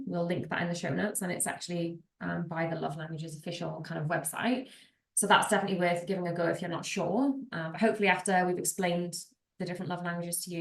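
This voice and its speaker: A woman's voice: fairly low pitch, creaky. A woman in her late twenties co-hosting a podcast, chatting casually and teasing her partner. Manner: chatty, teasing, self-deprecating. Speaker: podcast co-host. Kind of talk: casual chat. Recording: roomy echo.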